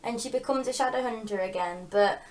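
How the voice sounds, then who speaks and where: A young woman co-hosting a book vlog, animated and exasperated as she mock-quotes characters. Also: a little high, brisk. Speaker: book channel co-host. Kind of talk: casual chat.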